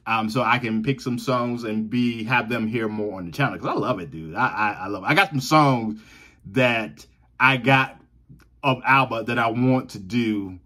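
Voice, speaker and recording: A man's voice: mid-range voice, normal speed, bright, forceful tone. A man from the American South with a Southern accent, chatting enthusiastically to his viewers as a reaction video host, repeating himself and laughing often. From Southern United States. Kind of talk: casual direct-to-camera chat.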